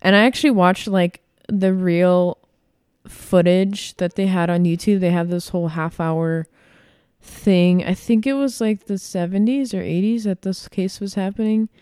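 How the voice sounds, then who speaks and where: A woman chatting casually as a podcast co-host, retelling things in an animated way with lots of fillers. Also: on the low side, a little slow, clear, resonant tone, no room sound, studio quality. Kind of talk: casual chat.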